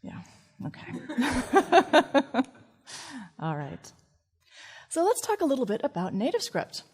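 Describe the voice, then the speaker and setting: A woman from St. Louis, USA, gives a chatty conference talk to a live audience in a high, slightly rough voice with huge pitch swings and a slow pace. She laughs often and tosses in self-deprecating asides.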